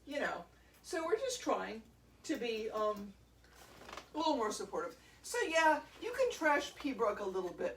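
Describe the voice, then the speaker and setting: A woman's voice: mid-range voice, very animated, moderate pace, recorded from a distance, a little hiss or hum. A woman who plays drums in a band, chatting on a casual livestream, laughing often and rambling through stories. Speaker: drummer and show host. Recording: roomy sound from away from the mic.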